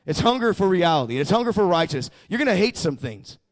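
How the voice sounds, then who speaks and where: A man's voice: sits high, very animated, quick pace. A male pastor delivering a sermon as personal testimony, talking conversationally with stammered restarts and building to fervent emphasis.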